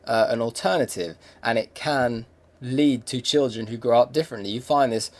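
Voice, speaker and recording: A man's voice: mid-range voice, moderate pace. A young English man hosting a podcast, talking in a rambling, reflective monologue with many fillers and restarts. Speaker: podcast host. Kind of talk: casual monologue.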